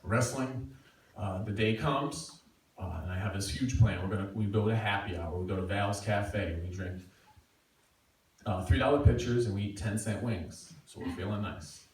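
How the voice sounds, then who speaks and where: Brief: middle-aged man, mid-pitched, self-mocking storyteller, recorded far off in a very echoey room. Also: moderate pace. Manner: self-mocking, animated, acting out quotes. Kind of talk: live personal storytelling. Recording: echoey room, far from mic, faint noise.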